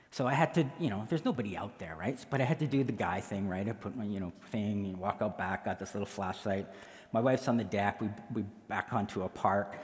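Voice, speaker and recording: Animated storytelling pastor in a hall. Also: male voice, medium pitch, brisk. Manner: animated storyteller acting out quoted voices. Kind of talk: storytelling sermon.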